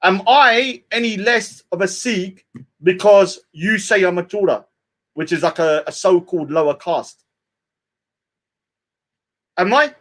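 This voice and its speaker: A man's voice: high-pitched, unhurried, long pauses, a bit bright. Scornful man ranting on stream. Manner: scornful, repeats "yeah?" often. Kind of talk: heated live-stream rant.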